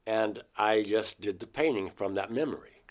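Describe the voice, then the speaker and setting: An older man from Georgia, a guest in an interview, earnestly recounting personal experiences and acting out remembered dialogue with sudden loud outbursts. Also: fairly low pitch, moderate pace. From Georgia, USA.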